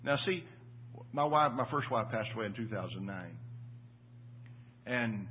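A man's voice: fairly low pitch, expressive, a little slow, pauses often, slightly rough. An older man preaching a sermon in a folksy storytelling way, repeating his words as he goes. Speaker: pastor. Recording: tinny phone-like sound.

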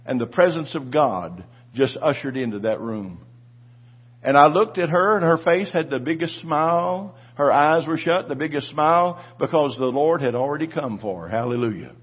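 Husky fervent male preacher. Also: a little high, lively intonation, normal speed, highs cut off. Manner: fervent, repetitive preaching with call-and-response. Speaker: pastor. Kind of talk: sermon with personal storytelling.

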